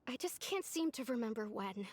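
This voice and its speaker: A heartbroken young woman in a video game, talking wistfully and with quiet resignation as she tries to stay brave. Her voice sits fairly high, and soft music plays faintly underneath. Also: lively intonation, normal speed.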